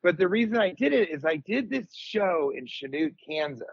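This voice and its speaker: Comedian guest, man in his forties, a bit high-pitched, rambling animated storyteller on a dry, dull podcast mic. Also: moderate pace, gravelly, husky, dry recording. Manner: rambling, animated storyteller, jumps into high comic voices for quotes. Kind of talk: casual podcast chat.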